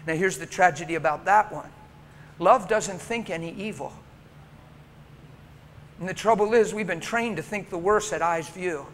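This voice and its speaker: A man preaching a sermon, telling stories with passion and swinging from hushed to loud. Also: sits high, normal speed, long pauses, long reverb tail, a little hiss or hum. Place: church hall.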